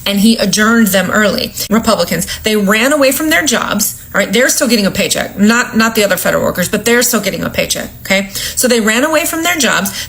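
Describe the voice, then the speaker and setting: A woman's voice: fairly high pitch, fairly bright tone, low-quality recording. Insistent woman commentator. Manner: insistent, keeps checking in with "okay?". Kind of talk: emphatic political commentary.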